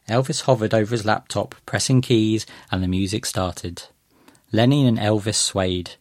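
Low-voiced man reading a story. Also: moderate pace, dry recording, studio quality. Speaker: narrator. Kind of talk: first-person story reading.

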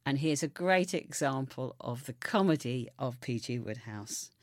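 A woman's voice: very deep voice, expressive, normal speed. A woman talking casually about a comic novel in a book discussion, amused and conversational.

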